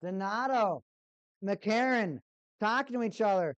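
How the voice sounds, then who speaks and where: A woman's voice: mid-range voice, animated, a little slow, no room sound, muffled recording. A woman streamer giving casual play-by-play and exasperated fan commentary on a hockey game.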